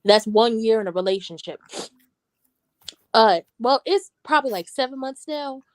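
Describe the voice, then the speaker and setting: A woman hosting a casual reality TV recap, talking in an animated, sassy, slangy way. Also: a little high, normal speed, dry recording. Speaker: show recap host.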